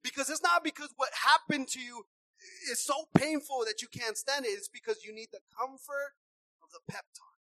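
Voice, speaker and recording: A woman preacher delivering a passionate sermon, repeating herself and swinging from soft asides to shouts. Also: high voice, moderate pace, dry recording, poor audio.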